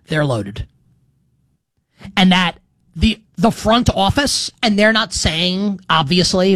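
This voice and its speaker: A man's voice: high voice, a bit bright, dry recording. A man in his thirties hosting a sports betting show, talking in a loose, rambling monologue full of restarts and asides. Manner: chatty and rambling, with frequent restarts and "like". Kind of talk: casual talk-show monologue.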